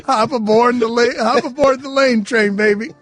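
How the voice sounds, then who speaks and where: A man's voice: extremely high pitch, normal speed, fairly bright tone, soft background music. A man hosting a sports radio show, chatting casually, laughing often and calling for sound clips.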